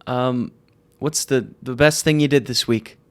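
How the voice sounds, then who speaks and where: A young man co-hosting a podcast in casual chat, animated and laughing often. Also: mid-range voice, measured pace, clear, resonant tone. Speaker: podcast co-host.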